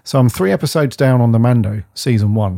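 A man from the UK co-hosting a podcast, chatting in a rambling, enthusiastic way and often letting his phrases trail off softly. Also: mid-range voice, lively intonation, brisk, creaky. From United Kingdom. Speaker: podcast co-host. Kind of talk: casual chat.

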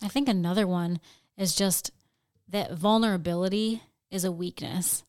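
A sincere woman chats on a podcast, her voice smooth and clear. The sound is dry and close, with no room echo. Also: fairly low pitch, steady tone, moderate pace, darkish tone. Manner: sincere, chatty, uses "like" and restarts. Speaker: podcast co-host. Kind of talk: casual podcast talk.

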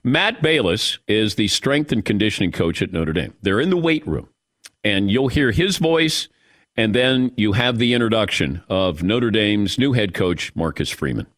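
A man's voice: fairly low pitch, expressive, normal speed, fairly bright tone, no room sound, studio quality. A man hosting a sports talk radio show, bantering playfully with his crew.

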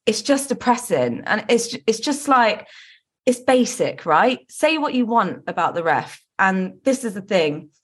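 A woman's voice: mid-range voice, sing-song, measured pace, husky. A woman co-hosting a football podcast, talking candidly and earnestly with lots of ums and restarts. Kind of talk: casual podcast chat.

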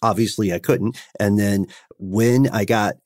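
A man's voice: lowish voice, a little slow, a little mellow, no room sound, clean studio sound. A man co-hosting a podcast in casual chat, telling a self-deprecating story in a wry anecdotal way. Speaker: podcast co-host.

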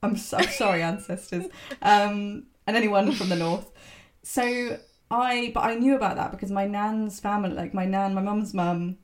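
A woman's voice: mid-range voice, normal speed. A young woman chatting in a breezy, wry way. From southern England. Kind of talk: casual chat.

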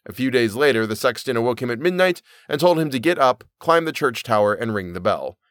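A man narrating a fairy tale in an animated storybook reading. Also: medium pitch, brisk, no echo, clean studio sound.

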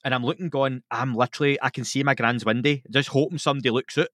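A man's voice: mid-range voice, fast, no room sound, clean studio sound. Sweary Glaswegian man telling stories. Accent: Scottish, Glaswegian. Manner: sweary, animated, laughs through his stories. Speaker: podcast guest. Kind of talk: casual storytelling chat.

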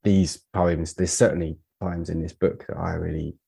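A man from the United Kingdom speaks very low, with a dark, mellow tone and a husky grain. He is a poet being interviewed in a casual podcast talk. He muses aloud, hesitant and full of fillers. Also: little pitch movement. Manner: reflective, halting, many fillers. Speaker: poet guest.

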